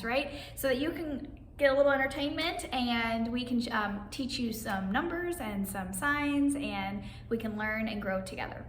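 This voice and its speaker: Her voice is fairly high, bright and forceful as she leads a kids' story session, teaching easy signs and reading in a cheery, sing-song style that speaks to the children like friends. The recording is distant and echoey, with a little background noise.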